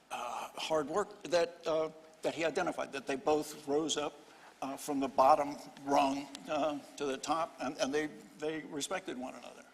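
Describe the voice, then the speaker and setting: An older historian on a panel speaks slightly high for a man, telling a story in stop-start phrases with dry humor. The live hall gives his voice a long, trailing reverb. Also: gravelly, slight background noise. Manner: halting, many restarts, wry storytelling. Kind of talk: panel discussion.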